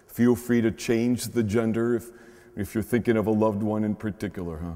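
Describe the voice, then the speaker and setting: American preacher in a reverberant church. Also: male voice, lowish voice, fairly even intonation, a little fast, mellow. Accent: American Midwest. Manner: conversational preaching with frequent tag "huh?". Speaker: pastor. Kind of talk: sermon. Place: large church shrine. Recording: long reverb of a large church.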